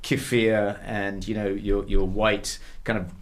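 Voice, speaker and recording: A man's voice: lowish voice, flat delivery, takes it slowly. Middle aged guy rambling on a podcast, lots of ums and uhs, stops and starts. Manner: hesitant, many fillers and restarts. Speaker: podcast co-host. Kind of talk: casual chat.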